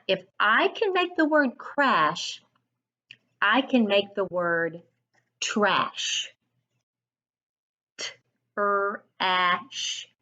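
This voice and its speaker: A woman's voice: medium pitch, pushed and bright. A woman reading teacher leading a phonics lesson for children, sounding out each letter and praising along the way.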